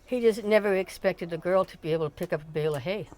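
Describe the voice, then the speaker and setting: A woman's voice: on the low side, fast talker, a little mellow. An older woman, the host's mother, telling a long personal story in casual chat, with many restarts and small laughs. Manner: chatty, rambling, frequent restarts and laughs. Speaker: streamer's mother, guest.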